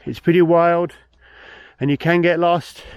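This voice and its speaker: A man's voice: fairly high pitch, flat delivery, measured pace, smooth, no room sound. A man vlogging hiking tips outdoors on a mountain trail, slightly out of breath, giving plain practical advice and repeating his main points. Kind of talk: outdoor vlog with tips to camera.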